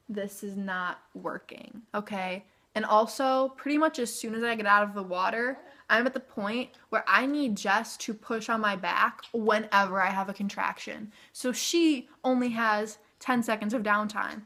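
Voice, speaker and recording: A woman in her twenties telling a personal story to camera in a chatty, casual way, full of "like". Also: medium pitch. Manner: chatty, filler-heavy "like", animated retelling. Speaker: vlogger.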